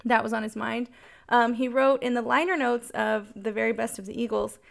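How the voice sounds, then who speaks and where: A woman's voice: fairly high pitch, a little fast, vocal fry. A woman co-hosting a podcast, chatting casually about songs with lots of filler words. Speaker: podcast co-host.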